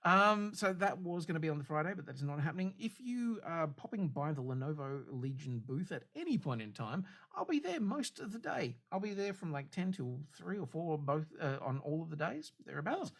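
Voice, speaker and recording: A man's voice: a little high, very animated, a little fast, hardly any pauses, fairly bright tone. A man co-hosting a podcast in casual chat, rambling and hesitant with dry humor. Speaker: podcast co-host.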